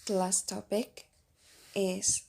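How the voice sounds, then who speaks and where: Slow, careful young woman presenting. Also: medium pitch, level tone, creaky, warm tone. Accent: Indonesian. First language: Indonesian. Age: young adult. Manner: careful, repeats each example twice. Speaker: student presenting a pronunciation test. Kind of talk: slow recited class presentation.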